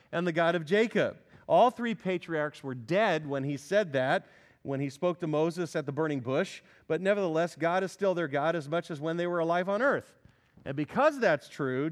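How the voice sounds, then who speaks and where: A man preaching an expository sermon, addressing the congregation directly with questions and rising to forceful declarations. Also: fairly high pitch. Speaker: pastor.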